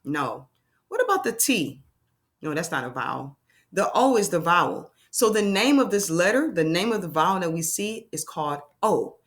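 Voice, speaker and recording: A woman's voice: lowish voice, very animated, moderate pace. A woman teaching a phonics lesson to young children, sounding out letters and making playful exclamations.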